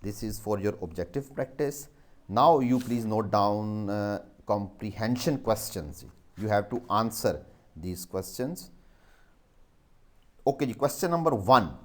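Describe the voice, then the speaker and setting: A man's voice: on the low side, expressive, a little slow. A male teacher with a Pakistani English accent, dictating a vocabulary exercise and spelling words letter by letter.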